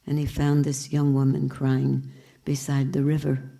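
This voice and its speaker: A woman teacher gives a spiritual talk, slow and reflective. Her voice is low and gravelly, with a dark, mellow tone, and she speaks in earnest, unhurried phrases. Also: completely flat delivery.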